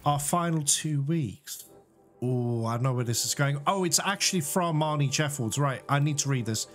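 A man's voice: on the high side, moderate pace, soft background music. Chatty, swearing gaming commentator man. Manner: chatty, swears, keeps addressing viewers. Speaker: gaming YouTuber. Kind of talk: let's play commentary.

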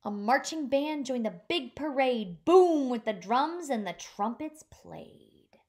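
A woman childcare teacher reading a picture book aloud to young children in an animated, sing-song way. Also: high voice, takes it slowly.

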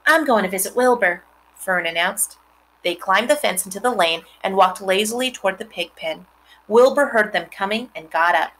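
A woman reading a children's novel aloud, expressive, with chatty asides to her listeners. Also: mid-range voice, moderate pace, slight background noise, low-quality recording. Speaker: reader.

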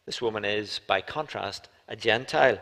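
A Northern Irish man preaching a sermon in a church, asking rhetorical questions and swinging between loud and soft for emphasis. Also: fairly low pitch, moderate pace, vocal fry. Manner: rhetorical questions, rises and drops in volume for emphasis. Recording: church live stream with long reverb.

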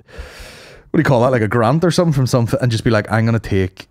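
A man's voice: mid-range voice, expressive, fast, darkish tone, no echo, clean studio sound. A young man chatting loosely on a podcast, swearing and laughing as he tells stories. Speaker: podcast co-host. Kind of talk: casual chat.

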